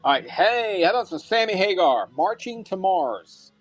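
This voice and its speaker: A man's voice: high voice, very animated, moderate pace, soft background music. A man hosting a live-stream auction, upbeat and thanking buyers by name, sometimes muttering to himself as he handles items.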